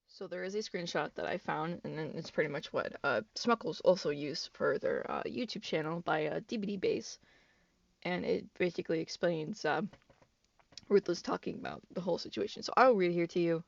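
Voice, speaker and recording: A young woman talking casually on her gaming vlog, rambling with fillers and swearing as she turns loud and incredulous. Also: lowish voice, gravelly, dry recording, recorded from a distance, highs cut off. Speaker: gaming YouTuber.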